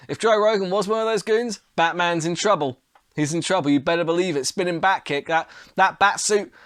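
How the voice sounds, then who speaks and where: A man hosting his own podcast, chatting bluntly and casually, his voice hoarse and worn from illness with the odd cough. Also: fairly high pitch, a bit bright, no room sound, clean studio sound. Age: adult. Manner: chatty, blunt, swears mildly. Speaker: podcast host. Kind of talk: casual solo podcast talk.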